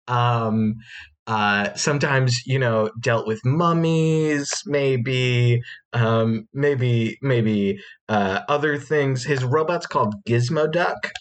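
Slow, hesitant man holding back laughter. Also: a little high. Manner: hesitant, stifles laughs, many fillers. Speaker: player. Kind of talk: describing a tabletop character.

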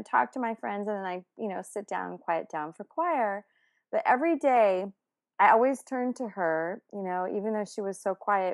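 A woman telling a personal story in a lively, chatty way. She talks in a mid-range voice, loose and full of fillers and false starts. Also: medium pitch. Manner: animated, many fillers and restarts.

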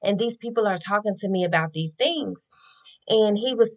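A young woman, a nurse, telling a story to her viewers in a chatty, animated way. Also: medium pitch, moderate pace. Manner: animated, chatty, addresses listeners as y'all.

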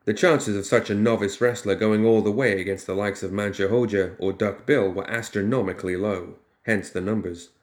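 A man narrating a fiction audiobook in steady storytelling. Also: on the low side, normal speed, hardly any pauses.

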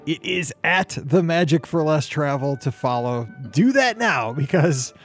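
A man's voice: a little high, lively intonation, soft background music. A man hosting a podcast, chatting casually and joking with his co-hosts. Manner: upbeat, joking, quick asides. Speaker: podcast host.

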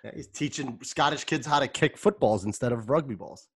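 A man's voice: medium pitch, a little fast, breathy edge. A man from the United States co-hosting a sports podcast, talking casually and explaining at length with a joking streak. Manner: jokey, chatty, explains at length. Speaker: podcast co-host.

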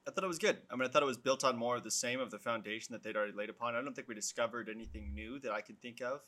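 A man chats casually in a bright, forceful voice. He speaks bluntly and stays relaxed, with the odd casual swear. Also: medium pitch, racing. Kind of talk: casual chat.

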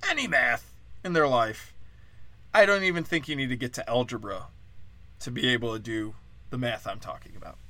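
A drunk man hosting a solo comedy podcast, rambling crudely and swinging between loud outbursts and low mutters. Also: no echo. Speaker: podcast host.

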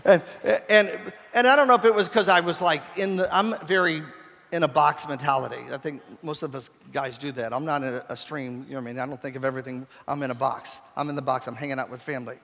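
A man with a fairly high voice preaches from the pulpit as a pastor, in a relaxed and humorous storytelling manner. His self-deprecating asides keep it conversational, and his voice rings out with a long reverb in a large church hall. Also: quick pace. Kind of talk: storytelling sermon.

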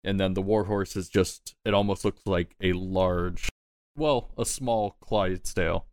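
A man narrating as game master in a relaxed, descriptive, casual way. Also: low voice, a little slow, dry recording, clean studio sound. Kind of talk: describing the scene in a tabletop game.

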